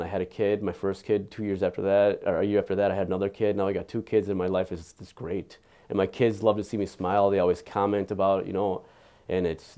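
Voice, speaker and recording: A man giving an earnest, candid patient testimonial, halting and often repeating his words. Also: lowish voice, dark tone.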